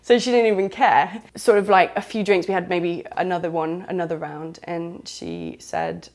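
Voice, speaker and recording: A southern English woman recounts her own story in a frank, rambling, chatty manner, dropping in British slang as she goes. Her voice sits a little low for a woman. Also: fairly even intonation, moderate pace, a little mellow. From southern England. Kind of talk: candid first-person storytelling.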